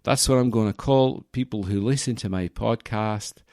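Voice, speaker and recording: A man's voice: on the low side, moderate pace, darkish tone, dry recording, clean studio sound. Rambling, jokey male podcast host. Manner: rambling and jokey, self-correcting asides. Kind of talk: casual solo podcast chat. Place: apartment.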